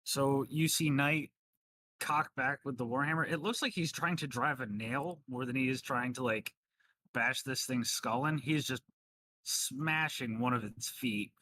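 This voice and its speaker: A man's voice: medium pitch, a little slow, sharp tone, slight background noise. A man narrating as game master in a casual tabletop game session, describing actions and tallying damage. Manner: casual, descriptive, tallies dice aloud.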